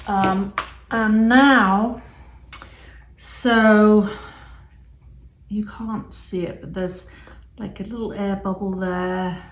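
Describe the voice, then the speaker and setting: A woman's voice: mid-range voice, steady tone, very slow, pauses often, a little hiss or hum. A woman giving a casual step-by-step craft demonstration, chatty and thinking aloud with the odd um. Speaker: resin art tutorial maker. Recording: roomy echo.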